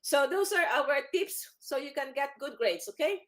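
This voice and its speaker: A woman hosting a church children's program, encouraging and quick to laugh, with frequent restarts. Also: sits high, lively intonation, fairly bright tone. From United States. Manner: speaks haltingly, restarting words. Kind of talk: casual teaching chat over a call.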